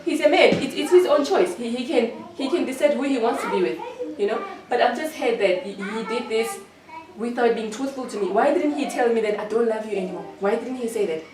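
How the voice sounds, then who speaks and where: A woman's voice: on the high side, lively intonation, fairly quick, echoey room, far from the mic. A woman giving an emotional personal account in an interview, hurt and indignant, often repeating herself.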